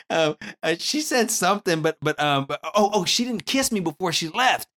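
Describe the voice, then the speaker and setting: A man in his thirties chatting casually as a co-host, rambling with many restarts and now and then breaking into excited yelling. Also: high-pitched, measured pace. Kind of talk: casual chat.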